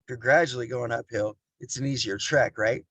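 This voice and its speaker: A middle-aged man delivers a casual motivational talk in a blunt, plain-spoken way, hammering points home by repeating them. His voice sits at an ordinary male pitch. The sound is close and dry, with almost no room echo. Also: fairly quick, a bit bright, husky. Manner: addresses listeners as family. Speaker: motivational speaker.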